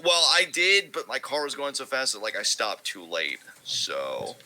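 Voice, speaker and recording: Man, casual gaming-stream chat, very bright ringing tone, swooping lively pitch, rambling delivery. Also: moderate pace, soft background music, rough recording. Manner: rambling, loose, heavy on filler words. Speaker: co-host of a wrestling talk stream.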